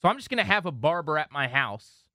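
A man in his thirties co-hosting a casual sports talk show, telling animated stories. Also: on the high side, fast talker, no room sound, clean studio sound. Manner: animated storyteller, slips into funny voices. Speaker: podcast co-host.

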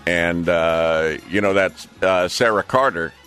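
A man's voice: deep voice, slow, fairly bright tone, soft background music. A man co-hosting a talk radio show, speaking bluntly and opinionatedly in a rambling way with many fillers. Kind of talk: casual talk radio chat.

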